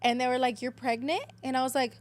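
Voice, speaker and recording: A woman's voice: high voice, monotone, very fast, a little hiss or hum. A woman in her twenties, a podcast guest, telling a story in casual chat, switching between English and Spanish, swearing freely and acting out quotes.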